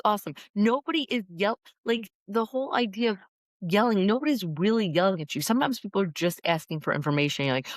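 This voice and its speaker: A middle-aged woman in casual chat, talking fast and acting out quoted voices. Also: medium pitch, no echo. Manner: animated, acts out quoted voices. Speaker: podcast guest.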